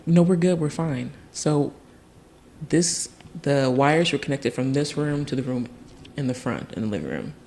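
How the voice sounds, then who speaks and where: A young man from Tennessee, a podcast guest, telling a childhood story in a casual, animated way, laughing and acting out other people's voices. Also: mid-range voice, a little hiss or hum.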